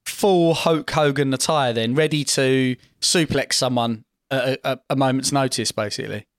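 A man's voice: mid-range voice, clear, resonant tone, no room sound, clean studio sound. A man co-hosting a casual podcast, joking and bantering with the guest. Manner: jokey, quick with banter. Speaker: podcast co-host.

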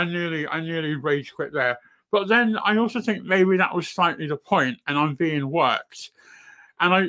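A man appearing as a guest on a casual wrestling talk show, telling stories in an excitable, exasperated way. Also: fairly high pitch.

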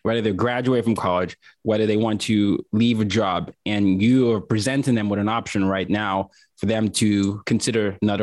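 A man hosting a podcast interview, animated and quick to laugh. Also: fairly low pitch, dry recording. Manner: warm, animated, laughs easily. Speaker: podcast host. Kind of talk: casual interview talk.

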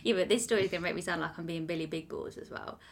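A young woman co-hosts a casual podcast, talking rapid-fire in a lowish, creaky voice. She tells stories about herself with a self-mocking streak and laughs often.

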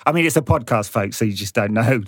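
A man's voice: medium pitch, lively intonation, fast talker, breathy edge, dry recording. A man co-hosting a podcast, reading listener questions in a dry, sardonic way. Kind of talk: casual podcast chat.

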